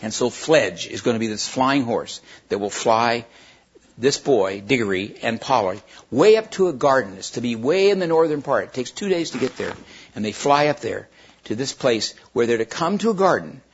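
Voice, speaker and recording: A man retelling and reading a children's novel aloud in a plain, somewhat halting way. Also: medium pitch, expressive, breathy edge. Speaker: storyteller. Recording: dull lo-fi recording.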